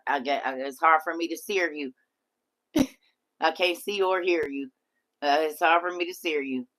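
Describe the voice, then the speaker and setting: Middle-aged woman, low-ish voice, laughing and talking back to her livestream chat. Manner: animated, laughing often, talks back to chat. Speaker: livestream host. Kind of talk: casual live chat reading comments.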